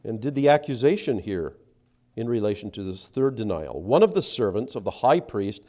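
A man preaching a sermon, acting out the speakers he quotes and dropping to soft asides between them. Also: fairly low pitch, sing-song, moderate pace. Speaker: pastor.

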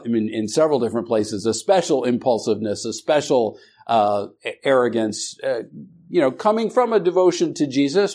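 Male Bible study teacher, halting delivery, restarts often, quizzes the class, mid-pitched. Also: darkish tone. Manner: halting, with many restarts and fillers; asks the class questions, calls on students.

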